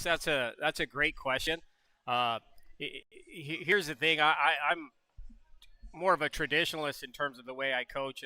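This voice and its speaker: Older male coach, folksy and halting postgame talk, bright, clear voice. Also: medium pitch, dry recording. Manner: folksy, halting, restarts often. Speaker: head coach. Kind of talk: postgame interview.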